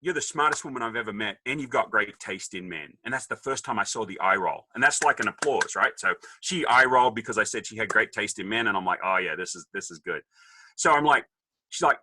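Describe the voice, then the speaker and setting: A man's voice: medium pitch, lively intonation, brisk, bright, forceful tone, husky, no echo, poor audio. A man in his fifties with an Australian accent, telling a joking story as a podcast guest and acting out the people in it. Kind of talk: casual storytelling.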